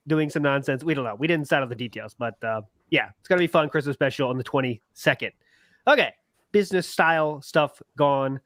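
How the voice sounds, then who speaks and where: Dude hosting a podcast, crude jokes, laughs a lot, dry close mic. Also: male voice, fairly high pitch, fairly bright tone, no room sound. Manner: crude joking, laughs often, mock voices. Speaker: podcast host. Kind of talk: casual podcast chat.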